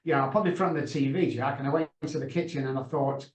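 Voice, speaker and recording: A man's voice: mid-range voice, rapid-fire. A middle-aged man, a guest on a video call, telling his story with passion and emphasis. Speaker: guest, addiction consultant. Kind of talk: emotional storytelling. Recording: roomy echo.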